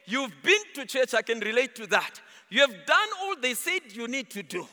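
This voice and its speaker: A high, bright male voice preaching in a church, swinging widely in pitch and sometimes half-singing his points. The sound rings with the long reverb of a large hall. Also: normal speed. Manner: animated, rises and falls, half-sung emphasis. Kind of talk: sermon.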